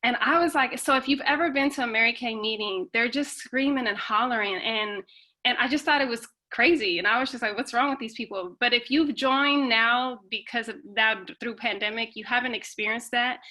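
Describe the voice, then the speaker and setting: Brief: woman, fairly high and bright tone, lively storyteller over a video call. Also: fairly quick. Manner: animated, acts out the voices in her stories. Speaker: guest speaker sharing her story. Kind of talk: casual storytelling.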